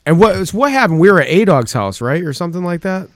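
A man's voice: high voice, big pitch swings, fast talker, dry recording, clean studio sound. A man telling a rambling, profane story to friends in casual chat, laughing often.

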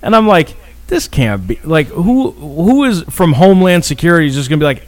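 A man's voice: a little high, big pitch swings, a little fast. A man telling a long story in casual chat, rambling, restarting sentences and swearing freely.

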